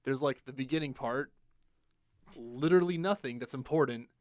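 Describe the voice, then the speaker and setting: Young male co-host, casual and animated, acts out quotes, swears freely, dry sound. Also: medium pitch, normal speed, no room sound. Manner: animated storytelling, acts out quotes in silly voices. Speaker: podcast co-host. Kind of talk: casual chat.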